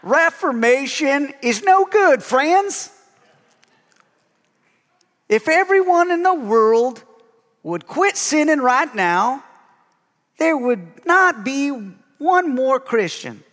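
A man doing an impression of an elderly Southern preacher with a slow, emphatic drawl. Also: very high-pitched, big pitch swings, a bit bright, big-room sound, pitched above the performer's own voice, exaggerated voice. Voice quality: drawling, drawn-out delivery.

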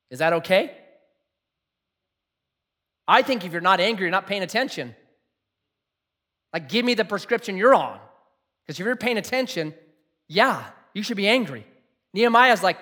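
A middle-aged man preaching a sermon in a jokey, animated way, acting out quotes. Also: high voice, unhurried, long pauses. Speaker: pastor.

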